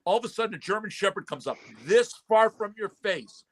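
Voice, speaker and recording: A man's voice: high-pitched, a little fast. A man hosting a casual talk show, telling a long story and acting out the people in it. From Connecticut. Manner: animated storyteller, acts out shouting voices. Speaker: podcast host.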